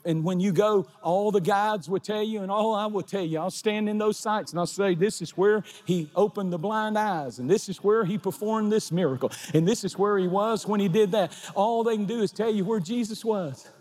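A middle-aged pastor preaches in his sanctuary. His voice sits fairly high for a man. He swings from quiet storytelling to fervent, shouted proclamation. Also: moderate pace. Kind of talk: sermon. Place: church sanctuary.

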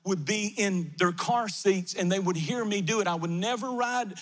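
A man's voice: high voice, moderate pace, fairly bright tone. A male pastor preaching a fervent sermon with chanted, repeated refrains in a large empty sanctuary. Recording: long reverb of a big hall.

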